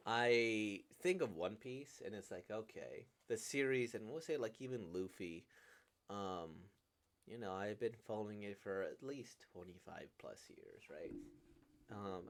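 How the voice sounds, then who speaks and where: A man's voice: on the low side, creaky. A man hosting a casual manga reading reaction, hesitant and full of fillers, laughing often.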